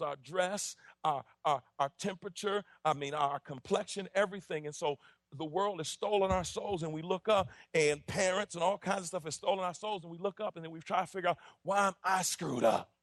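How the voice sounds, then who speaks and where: A man in his forties, a pastor giving an impassioned sermon that builds from quiet reflection to shouted, repetitive declarations. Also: a little high, no room sound, studio quality. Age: 40s. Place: church.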